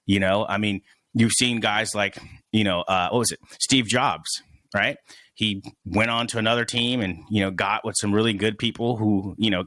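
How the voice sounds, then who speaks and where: A man's voice: lowish voice, a bit bright, dry recording. A young man in his twenties chatting as a podcast guest, rambling and searching for words as he goes. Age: 20s. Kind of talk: casual podcast chat.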